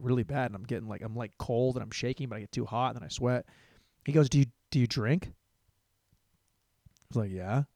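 A young male comic rambles through a solo podcast in a loose, profane, self-mocking way, chuckling at his own misfortunes. His voice sits at an ordinary middle pitch. The mic is close and completely dry, with no room sound. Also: darkish tone, no room sound. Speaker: podcast host and stand-up comic. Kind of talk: casual solo podcast monologue.

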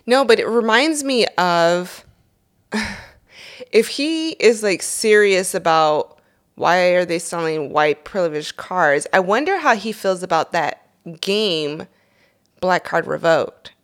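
A woman's voice: lowish voice, expressive, takes it slowly. A woman co-hosting a podcast, chatting casually in a playful manner and often giggling. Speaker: podcast co-host.

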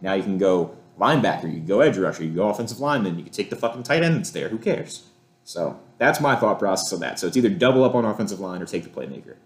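Fast-talking deep-voiced man, echoey room. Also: expressive. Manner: fast, blunt, swears freely. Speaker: podcast co-host. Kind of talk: casual sports chat.

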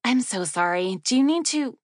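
A woman's voice: on the high side, lively intonation, normal speed, dry recording, clean studio sound, pitched above the performer's own voice, lightly acted. A woman voicing a flustered, teary young woman graduate student who stammers and makes fun of herself. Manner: stammering, self-deprecating. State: crying.

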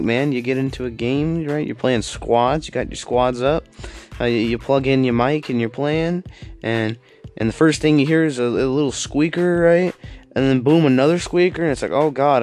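A man's voice: mid-range voice, moderate pace, a little mellow, soft background music. A young man hosting a casual podcast, talking offhandedly and rambling, with lots of fillers and slang like "dude" and "man". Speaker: podcast host.

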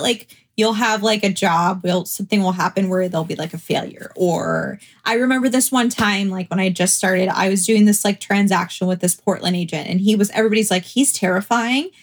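A woman's voice: medium pitch, normal speed, hardly any pauses. A woman co-hosting a podcast, telling stories in casual chat with lots of fillers. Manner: chatty, animated storytelling with many fillers. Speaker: podcast co-host; real estate agent.

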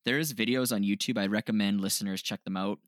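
Podcast guy doing squeaky mocking impressions, dry sound. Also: steady tone, quick pace, dry recording. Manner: mocking, yells high in impressions. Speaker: podcast co-host. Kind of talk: casual chat.

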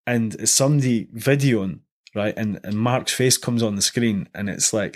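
A man's voice: lowish voice, moderate pace. Chatty man telling stories. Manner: chatty storyteller with many fillers and restarts. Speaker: guest. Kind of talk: casual podcast chat.

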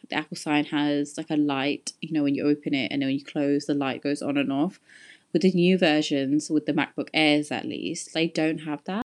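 A young woman in her twenties, hoarse from a cold, chatting casually and rambling on her solo podcast into a microphone. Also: sits low. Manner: rambling and chatty, many fillers. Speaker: podcast host.

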